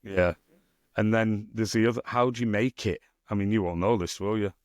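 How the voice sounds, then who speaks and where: A man's voice: fairly low pitch, normal speed, a little mellow, no room sound, studio quality. A man with a Northern English accent chatting on a podcast, rambling and swearing freely as he teases his co-host. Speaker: podcast co-host and self-published author. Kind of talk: casual podcast chat.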